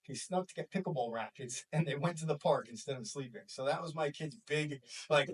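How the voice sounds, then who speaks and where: A man's voice: medium pitch, fairly quick, few pauses, husky. A man in his forties from New York with a New York accent, a school counselor talking to a small group and acting out quoted voices. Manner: animated, acts out quoted voices. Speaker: school counselor and life coach. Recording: voice from far off the mic.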